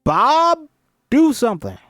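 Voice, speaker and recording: A man voicing a loud, pushy male choir teacher who shouts theatrical coaching at his students. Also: high voice, very animated, measured pace, no echo, studio quality, voice pushed up, full character voice. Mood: ranting.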